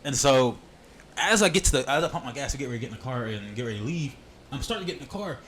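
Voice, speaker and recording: A young man rattles through his stories at a quick clip, animated and profane. His pitch sits in a middle range. A faint hiss runs under the recording. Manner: animated, swearing, laughs at his own stories. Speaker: podcast co-host. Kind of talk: casual storytelling chat.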